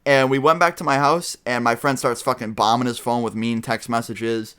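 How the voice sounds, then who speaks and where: A young man talks straight to his viewers in a casual storytime vlog, his voice sitting at an ordinary middle pitch. He rambles through the retelling and swears constantly. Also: fairly even intonation, normal speed, a bit bright, clear, resonant tone. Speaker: vlogger.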